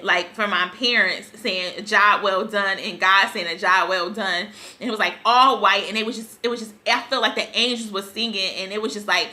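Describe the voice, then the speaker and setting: A woman's voice: mid-range voice, sharp tone. A woman vlogger telling a personal story, tearful and rambling, laughing through her tears.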